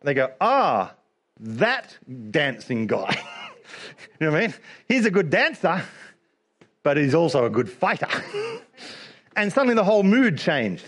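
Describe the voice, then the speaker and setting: A man preaching a sermon in an animated way. He laughs often and acts out little scenes as he talks. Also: high-pitched, normal speed, pauses often, slightly rough.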